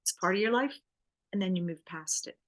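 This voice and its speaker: A woman divorce coach and private investigator in a conversational interview, animated and quick to laugh. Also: medium pitch. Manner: animated, laughs often, acts out client quotes.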